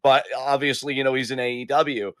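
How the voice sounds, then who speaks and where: A man's voice: mid-range voice, fairly even intonation, brisk, fairly bright tone, dry recording. Chatty man hosting a podcast. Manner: rambling, self-correcting, chatty. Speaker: podcast co-host. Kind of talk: casual chat.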